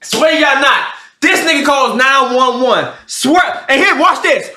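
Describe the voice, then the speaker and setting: A man's voice: extremely high pitch, animated, unhurried, bright, forceful tone, reverberant, slight background noise. A man in his twenties, a streamer telling a profane storytime to his live chat and acting out both sides of an argument. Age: 20s.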